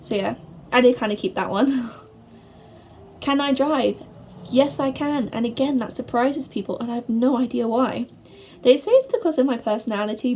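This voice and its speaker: A woman's voice: a little high, slight background noise. Bubbly young woman vlogging. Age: young adult. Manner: chatty and bubbly, quick bursts when excited. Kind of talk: casual to-camera Q&A.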